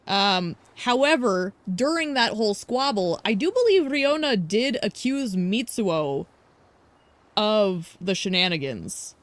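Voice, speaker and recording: A woman's voice: medium pitch, expressive, slow, dry recording. A young woman streamer giving casual game commentary, gushing and giggly with playful drama.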